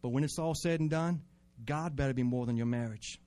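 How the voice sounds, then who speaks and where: A man preaching a sermon, climbing to loud, fervent peaks and then dropping back to quiet, conversational talk. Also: medium pitch, fairly quick.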